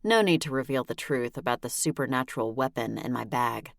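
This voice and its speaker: A woman narrating a first-person audiobook in a wry, lively storytelling manner, close on a studio mic. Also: a bass voice, a little fast, creaky, no room sound.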